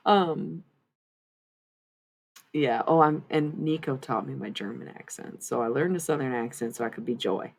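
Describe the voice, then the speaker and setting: A woman's voice: rumbling low, expressive, measured pace, vocal fry, pauses often, darkish tone, husky. A woman streaming live, chatting in a rambling way and giving a tarot reading, swearing freely. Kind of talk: casual livestream chat and tarot reading.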